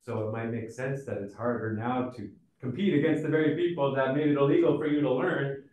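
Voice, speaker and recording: A man lecturing on sociology in a relaxed, conversational way, with frequent fillers and restarts. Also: medium pitch, a little fast. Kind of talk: recorded college lecture. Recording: echoey room, mic at a distance.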